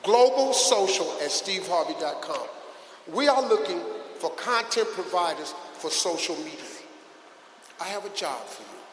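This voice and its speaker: Animated man speaking in a hall. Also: sits high, normal speed, a little hiss or hum. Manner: animated, acts out quotes, big swings between shouting and hushed asides. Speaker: guest speaker at a youth event. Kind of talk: comedic motivational speech to a live crowd. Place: large hall with a live audience. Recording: echoey hall with long reverb.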